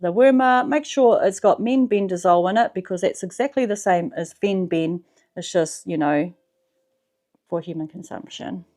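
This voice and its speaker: Chatty New Zealand woman, swearing freely. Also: normal speed. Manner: drops to a soft, low voice in the spiritual parts. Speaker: vlogger. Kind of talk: casual personal testimonial.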